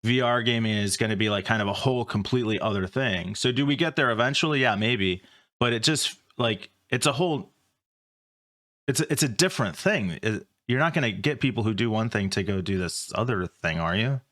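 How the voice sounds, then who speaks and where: A man with a fairly low voice weighs a point on a podcast, posing questions in a measured, casual way. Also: a bit bright. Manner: measured, reasons through questions. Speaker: podcast co-host.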